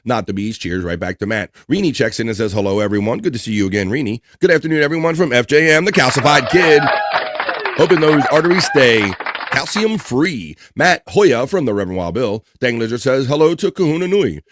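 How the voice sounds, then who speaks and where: Male stream host, mid-pitched, chatty, runs down chat names and shout-outs; dry, close sound. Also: sing-song, no echo. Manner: chatty, reads usernames and shout-outs aloud, quick asides. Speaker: livestream host. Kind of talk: reading out live chat messages.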